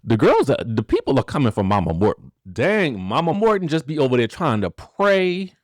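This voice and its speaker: A man from a rural area hosts a casual celebrity gossip show, animated and rhetorical, constantly asking viewers questions and checking in with them. His voice is medium-pitched at a moderate pace, in studio quality with no echo.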